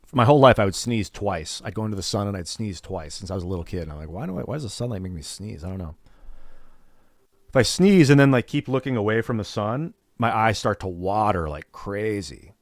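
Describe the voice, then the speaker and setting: A man's voice: on the low side, expressive, fairly quick, no echo, studio quality. A man hosting a gaming stream, chatting casually and candidly, swearing freely and acting out what other people said. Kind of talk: casual rambling chat.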